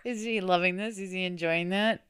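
A woman co-hosting a podcast, chatting casually and reacting with quick exclamations and laughter. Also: fairly low pitch, steady tone, fairly bright tone, a little hiss or hum. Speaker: podcast co-host. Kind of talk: casual chat.

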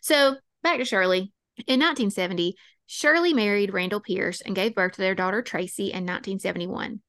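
A woman's voice: medium pitch, a bit bright, no echo, clean studio sound. A woman with a Southern American accent co-hosting a casual true-crime podcast, opinionated and sarcastic. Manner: opinionated, sarcastic, quick to laugh. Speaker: podcast co-host.

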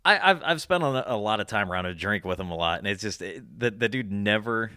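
A man's voice: on the low side, lively intonation, fairly quick, sharp tone, smooth, dry recording, clean studio sound. A man hosting a podcast, telling crude stories in casual chat, swearing a lot and laughing as he acts out his friends' lines. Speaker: podcast host.

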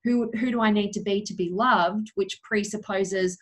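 A young woman guest in an interview, earnestly telling a personal story, slowing down for emphasis with frequent "you know" fillers. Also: mid-range voice, fairly even intonation.

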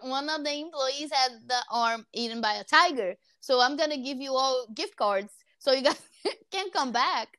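In a casual chat, a woman with a high-pitched voice tells a story at normal speed, laughing often and acting out quotes with animation. The recording is studio quality with no echo.

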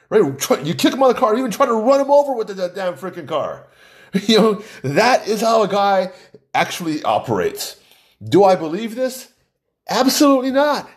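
Male commentator, fairly high voice that swings widely, mocking and chuckling through opinionated news talk. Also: moderate pace. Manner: animated, laughs often, mocking.

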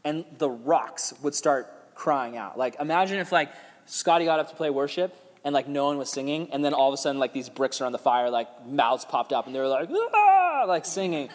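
A man's voice: mid-range voice, brisk, big-room sound. A young man giving a casual sermon to a youth group, talking in a laid-back, slangy way with lots of "like" and acting out crowd voices.

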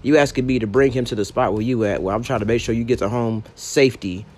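A man's voice: mid-range voice, fast talker, darkish tone. A young man and rideshare driver retelling a story about a passenger in an exasperated, profane, emphatic rant.

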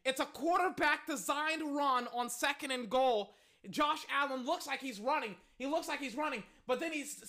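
An excitable fan commentator calling live football play-by-play, bursting out loudly on big plays and talking straight to listeners. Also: high-pitched. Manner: excitable, loud bursts, rapid asides to listeners.

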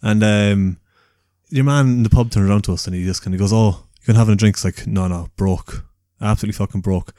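Podcast co-host, low and mellow, laid-back chat on a dry mic. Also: male voice, a little fast, no room sound. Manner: laid-back, chatty, swearing. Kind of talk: casual chat.

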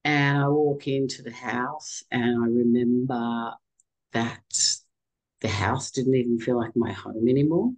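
A middle-aged woman as an interview guest, telling a personal story in a halting, emotional way with many restarts. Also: extremely low pitch, darkish tone, dull audio.

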